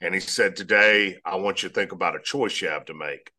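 Man, low voice with a forceful edge, earnest guest storyteller. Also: fairly quick. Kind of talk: storytelling interview answer.

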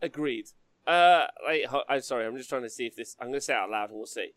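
A man hosts a casual hobby chat stream, talking in a loose, chatty way with frequent laughs. His voice sits mid-range in pitch. The sound is dry and close, with no room around it. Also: fast talker, a bit bright, no echo. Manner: chatty, laughing asides, reads donations. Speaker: livestream host.

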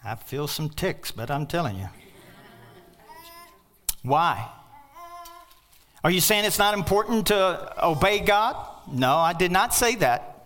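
An older man preaching a sermon as pastor, emphatic, with sudden loud outbursts and joking asides. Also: fairly high pitch, big pitch swings, takes it slowly, long pauses.

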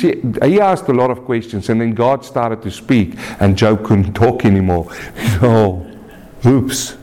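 Earnest male preacher delivering a sermon. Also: lively intonation. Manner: earnest, slow and deliberate, rising to high shouts in a story.

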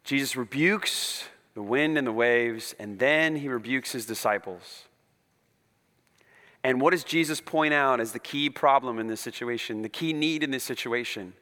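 A man preaching a sermon as pastor, in an animated, conversational, emphatic manner. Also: medium pitch, moderate pace, in a large hall.

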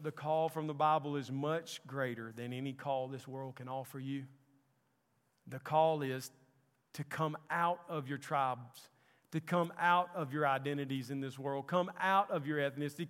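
A male pastor preaching a sermon and reading scripture aloud, his delivery impassioned and swelling loud on the exclamations, in a church sanctuary. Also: a little high, big-room sound.

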